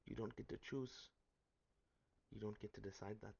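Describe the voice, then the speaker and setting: A man's voice: fairly low pitch, steady tone, moderate pace, creaky, dark tone, breathy edge, exaggerated voice. A man voicing a loyal, oath-bound woman protector with a Russian accent, speaking earnestly and insistently in a tabletop game. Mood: defiant. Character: sworn female protector, fierce and loyal. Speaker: tabletop player. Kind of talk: in-character roleplay. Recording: dull lo-fi audio.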